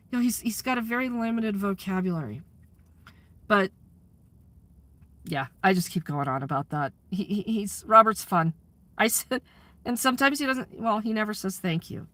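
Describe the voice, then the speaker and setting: A woman's voice: medium pitch, expressive, moderate pace, pauses often, pushed and bright. A woman chatting candidly to her live audience, laughing often and swearing freely. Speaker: livestreamer and community aid organizer. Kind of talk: casual chat to a live audience.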